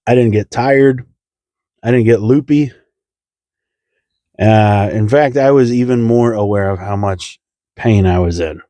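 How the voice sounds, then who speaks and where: A man's voice: on the low side, a little slow, pauses often, warm tone, no echo. A man, a comedian hosting his own podcast, telling a rambling comic story and chuckling now and then.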